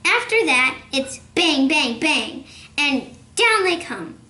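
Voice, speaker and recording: A lively, conspiratorial father spinning tales with relish, as a woman reader puts him on. The voice sits high and moves at a slow, deliberate pace. It rings in an echoey room. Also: exaggerated voice. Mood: scornful. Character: cheerful rural father, storyteller, man.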